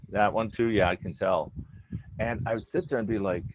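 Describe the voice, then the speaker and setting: A man with a low voice tells stories about his dogs in a relaxed, earnest chat. He sometimes slips into quoted voices for his pets' thoughts. The recording is dull and lo-fi. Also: fast talker, husky. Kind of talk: casual storytelling chat.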